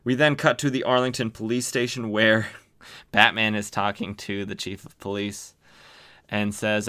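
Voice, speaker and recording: A man with a lowish, clear, resonant voice speaks at normal speed with a flat delivery and a sharp edge. As a podcast host, he gives a casual comic book recap, chatting enthusiastically and using lots of fillers.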